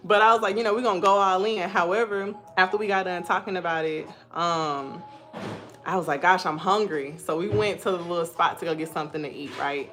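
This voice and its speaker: A young woman hosting a casual live stream. She reads viewers' comments aloud and tells stories in an animated way, laughing often. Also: medium pitch, fast talker, faint music behind.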